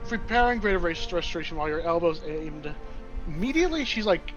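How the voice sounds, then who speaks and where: A man running a tabletop game as game master, narrating action and ruling calmly. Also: fairly high pitch, fast talker. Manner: describes the action plainly, rules calmly. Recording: dull muffled sound. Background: music underneath.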